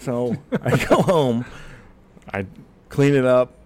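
A man in his thirties telling a long personal story on a podcast in a rambling, animated way. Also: mid-range voice, slow pace. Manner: rambling, animated storyteller who voices quoted people. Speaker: podcast guest. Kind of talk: casual storytelling.

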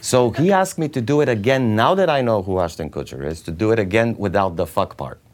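Picture a lower-voiced man with an Eastern European accent, a working actor telling a story with gusto. He laughs often and jumps into other people's voices as he goes. A faint hiss of noise sits behind him. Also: lively intonation, fast. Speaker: actor guest. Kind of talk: animated storytelling.

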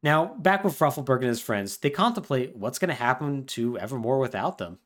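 Animated man retelling a story. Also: brisk. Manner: animated, lively pitch, puts on brief voices for characters. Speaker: podcast co-host. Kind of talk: casual chat retelling a game plot.

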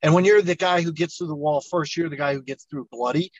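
A middle-aged man, an entrepreneur guest on an interview show, telling his story with lively acted-out dialogue. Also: fairly high pitch, fast, dry recording, highs cut off. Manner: animated storyteller, acts out quoted dialogue.

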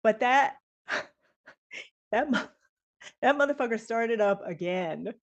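A middle-aged woman telling a story in loose, casual chat. She is animated, laughs a lot and swears without a second thought. Her voice sits a bit higher than most. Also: slow, dull audio. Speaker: guest telling a travel story.

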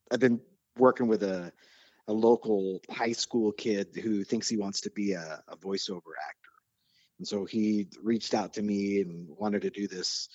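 A man's voice: lowish voice, dry recording, highs cut off. A man hosting a podcast, telling stories in a casual chat and getting passionate and nerdy about his subject. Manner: animated storyteller, gets excited and nerdy. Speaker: podcast host.

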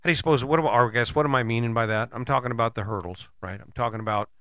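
Man with a bright, dry voice, motivational speaker coaching the listener directly, animated. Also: mid-range voice, very fast, dry recording. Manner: animated, acts out imagined dialogue. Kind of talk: motivational monologue.

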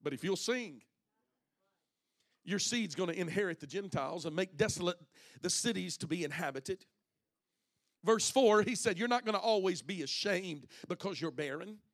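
High-voiced man preaching with fervor. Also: expressive, normal speed. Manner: impassioned preaching that swings between loud and hushed; reads scripture aloud and calls out to the congregation. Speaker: pastor. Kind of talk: sermon.

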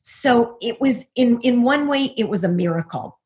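A woman's voice: a little high, animated, moderate pace, a little mellow. A middle-aged woman, a guest, giving a personal testimony over a video call, earnest and full of rhetorical questions.

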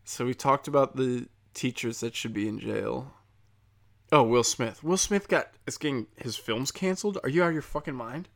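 A man's voice: medium pitch, moderate pace, gravelly. A young man doing a profane, heated ranting monologue as a comedian podcast host, slipping into mocking quoted voices.

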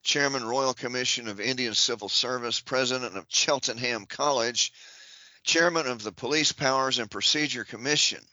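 A man's voice: medium pitch, moderate pace, pushed and bright, no echo, lo-fi sound. A man on a podcast reading out a long list of titles and offices, breaking it up with dry joking asides. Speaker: podcast guest.

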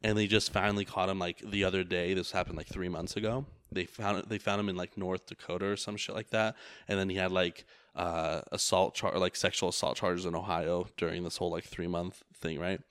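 A man's voice: deep voice, little pitch movement, a little fast, hardly any pauses, a bit bright, clean tone, dry recording, studio quality. A man who drives for a rideshare service, telling a story in casual chat, rambling and profane with lots of filler words.

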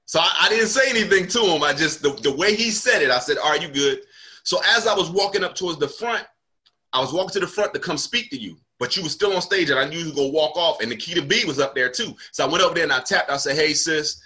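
Casting note: male comedian, bright, fairly high voice, lively storyteller who plays out every quote. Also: quick pace. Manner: animated storyteller acting out quotes. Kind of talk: casual storytelling chat.

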